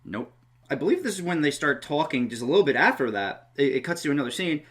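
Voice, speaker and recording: A man co-hosting a podcast chats casually about a horror film, summarizing its plot in plain language as part of a film review. He talks fast in a slightly high, sing-song voice.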